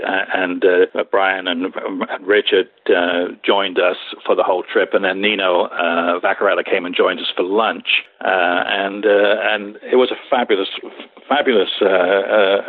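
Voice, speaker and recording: A man's voice: low voice, dry recording. A man from England, a podcast guest, telling stories in a rambling way with many hesitations, heard over a phone line. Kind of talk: interview podcast storytelling. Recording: tinny dry phone line.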